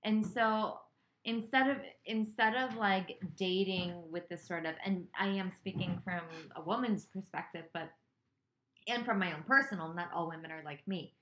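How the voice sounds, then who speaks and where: A woman's voice: medium pitch, normal speed, fairly bright tone, slight background noise. Woman musing loosely on a casual podcast. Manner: reflective, rambling with many fillers. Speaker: podcast co-host. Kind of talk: casual chat.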